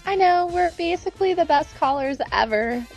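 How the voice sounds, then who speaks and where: A woman's voice: very high voice, expressive, moderate pace, darkish tone, faint music behind. A woman co-hosting a casual podcast chat, joking and laughing often. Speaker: podcast co-host.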